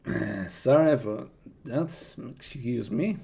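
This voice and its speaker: A voice-acting streamer casually introducing himself, rambling and self-deprecating, with many hesitations. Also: male voice, medium pitch, takes it slowly, vocal fry, mellow, husky. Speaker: voice actor streamer.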